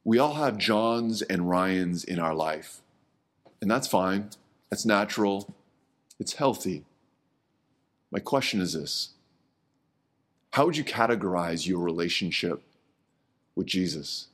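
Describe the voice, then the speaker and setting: A middle-aged man preaching a sermon in a conversational way, often repeating words and dropping low and soft on key words. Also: animated, slow, long pauses. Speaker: pastor.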